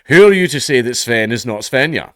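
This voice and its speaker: Scottish man, news commentator, sarcastic, profane, mid-pitched voice, dry close recording. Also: animated, a little fast, fairly bright tone, dry recording. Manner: sarcastic, profane, laughing asides.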